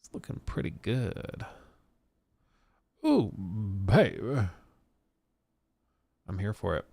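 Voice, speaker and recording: A chatty male streamer talking casually with a lively, swinging pitch. His voice sits close and dry on the mic, with no room sound around it. He laughs often as he chats. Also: very slow, gravelly, breathy edge, no echo. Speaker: streamer host. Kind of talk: casual live-stream chat.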